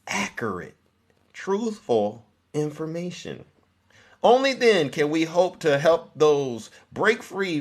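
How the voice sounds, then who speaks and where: A man at an ordinary middle pitch talks through a political monologue on a live stream. He reads formal prepared lines in a mock-solemn way. He cuts them with sarcastic, teasing asides to the people watching. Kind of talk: live political commentary, reading a prepared text with ad-libbed asides.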